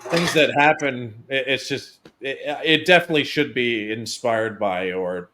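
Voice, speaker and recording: A man's voice: medium pitch, a little slow, bright, forceful tone. Man hesitating through casual chat. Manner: hesitant, full of fillers and restarts. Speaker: podcast co-host.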